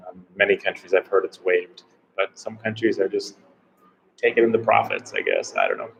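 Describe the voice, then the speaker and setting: A man's voice: low voice, sing-song, moderate pace, vocal fry, fairly bright tone, slight background noise, low-quality recording. An American man chatting casually on a live stream from a small room, rambling and unsure, often repeating himself. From United States. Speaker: travel vlogger doing a live Q&A.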